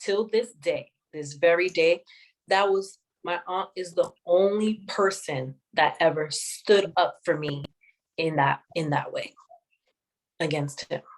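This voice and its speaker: A woman sharing a personal testimony in an interview, speaking in a measured, reflective way with many pauses. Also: lowish voice, rough recording. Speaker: guest sharing her testimony.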